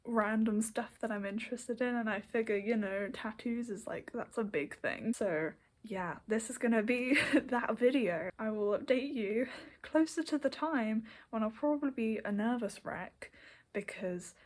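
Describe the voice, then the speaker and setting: A young woman with a fairly high voice talks casually to camera. She rambles and makes fun of herself, laughs a lot, and often drops to a soft half-whisper. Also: moderate pace. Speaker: vlogger.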